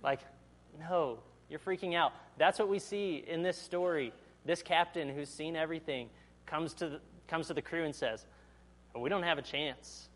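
This sermon comes from a man with a slightly high, fairly bright voice at a moderate pace. He reads scripture aloud, explains it conversationally, asks the audience questions, and acts out quotes using different voices.

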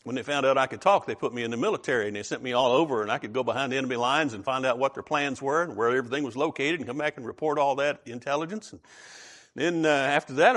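A man's voice: mid-range voice, fairly bright tone, voice pushed down, close to an everyday voice. A man voicing a talking male golden retriever who recounts his exploits matter-of-factly in a joke. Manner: matter-of-fact, storytelling.

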